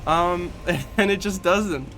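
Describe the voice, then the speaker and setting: A man's voice: sits high, slow, fairly bright tone, slight background noise. Giggly, rambling man streaming a game. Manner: rambling, giggly, profane storytelling. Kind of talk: casual gameplay commentary.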